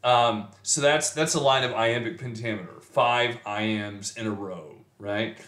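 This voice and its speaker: Slow man reading and teaching poetry. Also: fairly low pitch, fairly bright tone. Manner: slow and measured, with frequent fillers and restarts. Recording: roomy echo.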